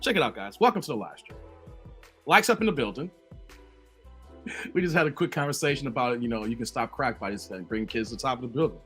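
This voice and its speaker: A man's voice: mid-range voice, lively intonation, quick pace, pauses often, a bit bright, husky, soft background music. A man hosting a casual live stream, joking around, laughing often and reading viewer comments aloud. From Chicago.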